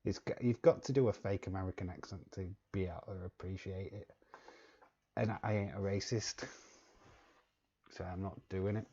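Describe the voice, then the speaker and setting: A man's voice: deep voice, fairly even intonation, moderate pace, pauses often, warm tone, slightly rough, lo-fi sound. A young English man hosting a quiz on a live stream, joking and chuckling as he reads the chat. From England. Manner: joking, chuckling, repeats words while reading chat. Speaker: quiz host.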